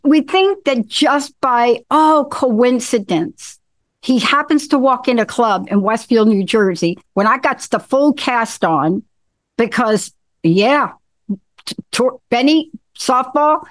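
Enthusiastic higher-voiced woman hosting a show. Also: animated, takes it slowly, no echo. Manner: enthusiastic, repeats and restarts phrases. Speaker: show host. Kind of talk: casual talk-show chat.

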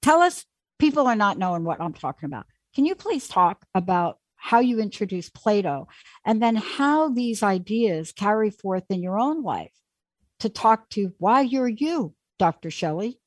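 A woman's voice: medium pitch, big pitch swings, normal speed, no echo. A woman hosting a radio call-in show, talking in an emphatic, pushy way as she coaxes her caller along. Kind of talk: casual call-in coaching.

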